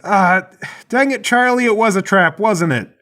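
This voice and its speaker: A man's voice: sits high, normal speed, pitched above the performer's own voice. A man voicing a gullible, whiny male prison guard in a tabletop game. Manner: whiny, loud.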